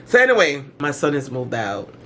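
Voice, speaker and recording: A woman's voice: a bass voice, normal speed, slight background noise. Chatty middle-aged woman telling stories. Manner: animated, chatty storytelling with slang and dramatic asides. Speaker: vlogger. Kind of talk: casual storytime chat to camera.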